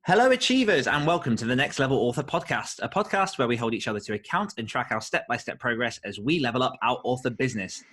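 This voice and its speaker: A man's voice: medium pitch, big pitch swings, quick pace, hardly any pauses, fairly bright tone. A man hosting a podcast in casual chat, easygoing and bantering. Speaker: podcast host.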